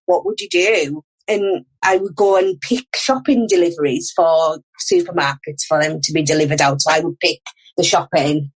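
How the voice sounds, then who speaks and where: A woman in her thirties, speaking frankly and at length as a podcast guest, laughing off hard memories. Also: low voice. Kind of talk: candid personal conversation.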